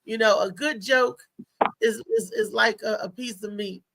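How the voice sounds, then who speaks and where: A woman's voice: fairly high pitch, normal speed, vocal fry, noisy background. A middle-aged woman comedian, rambling and laughing loosely through her stories in casual talk-show banter. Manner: loud, laughing, rambling storyteller with restarts.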